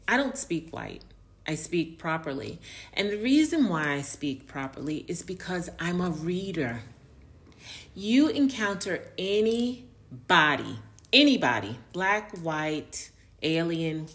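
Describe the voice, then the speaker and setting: A woman's voice: fairly low pitch, fairly bright tone. A woman from New York hosting a solo podcast, talking earnestly and explaining her views, with restarts and fillers. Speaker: podcast host. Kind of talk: casual solo podcast monologue.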